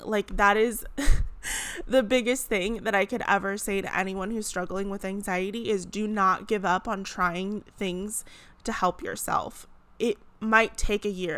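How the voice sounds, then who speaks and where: A woman's voice: mid-range voice, a bit bright, smooth, no room sound. A young woman hosting her own podcast, talking earnestly and emotionally about her experience, with many casual fillers. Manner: earnest, emotional, tearful at moments, frequent "like" fillers. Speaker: podcast host. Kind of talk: heartfelt solo podcast talk.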